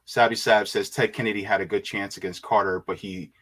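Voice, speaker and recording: A man's voice: fairly low pitch, fairly even intonation, fairly quick, bright, forceful tone. A man hosting a casual political livestream, exasperated and sarcastic, reading out viewer comments and reacting. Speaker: host of a political stream.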